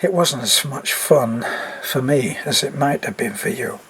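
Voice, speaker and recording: A man's voice: mid-range voice, a little slow, fairly bright tone, a little hiss or hum. An older man vlogging about expat life, casually retelling a friend's embarrassing story with lots of quoted speech and wry humor.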